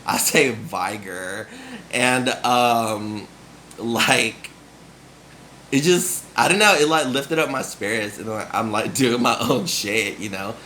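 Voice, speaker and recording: A young man who grew up in Nevada gives a casual, rambling monologue packed with fillers, giggles, and frequent laughter. His voice is medium-pitched and sharp, he talks slowly, and there's a little hiss or hum on the recording.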